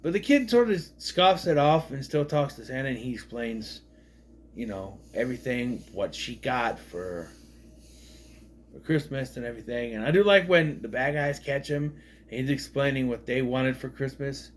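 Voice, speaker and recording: This movie reviewer talks at normal speed in an animated voice, with slight background noise behind him. His spoken film review is casual and rambling, full of restarted sentences and shifts in pitch and loudness.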